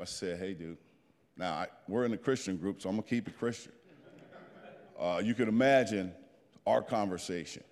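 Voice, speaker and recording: A man in his fifties tells a story to a group in an animated, plain-spoken way. His voice sits fairly low. A long reverb of the meeting room trails each line. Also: moderate pace, long pauses. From New Jersey. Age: 50s. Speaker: guest speaker.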